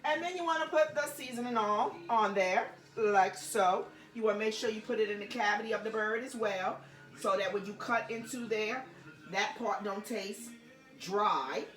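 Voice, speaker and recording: A woman's voice: medium pitch, normal speed, fairly bright tone, roomy sound, soft background music. A woman vlogger cooking in her home kitchen, chatting playfully to viewers with laughing asides. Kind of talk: casual cooking demonstration.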